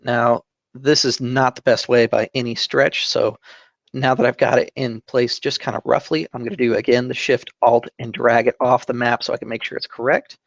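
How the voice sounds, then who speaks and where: Gravelly-voiced man walking through a map tutorial. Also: medium pitch, normal speed, no room sound, muffled recording. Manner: relaxed step-by-step instruction with fillers and self-corrections. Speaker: tabletop game channel host. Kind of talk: screen-recorded drawing tutorial. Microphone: desk microphone.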